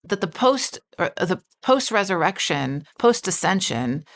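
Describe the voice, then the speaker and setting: A woman's voice: fairly low pitch, sing-song, unhurried, vocal fry. A woman pastor talking through a Bible passage in a podcast conversation, reading verses aloud and asking guiding questions. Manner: reads scripture aloud, asks guiding questions.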